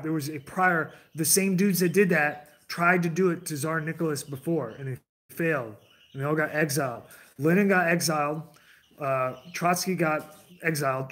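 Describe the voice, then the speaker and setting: His voice fairly high and a bit bright, an American livestream host talks casually to his chat. The talk wanders off on tangents, and he keeps breaking off and restarting sentences.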